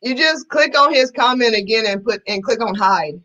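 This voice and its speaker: A woman's voice: fairly high pitch, animated, moderate pace, sharp tone, muffled recording. A woman guest on a casual live-stream chat, giggly and a little bashful.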